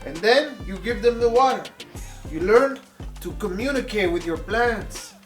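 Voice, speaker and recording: A man's voice: sits high, expressive, measured pace, fairly bright tone, roomy sound, faint music behind. A man putting on a flamboyant plant-loving character with a mock Spanish accent, theatrical and doting. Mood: playful. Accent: put-on Spanish. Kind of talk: comic vlog persona.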